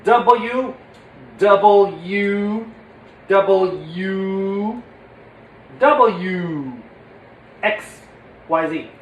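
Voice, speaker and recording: A man teaching puppetry in a casual, energetic, demonstrative way. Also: a little high, reverberant, a little hiss or hum. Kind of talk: casual instructional talk.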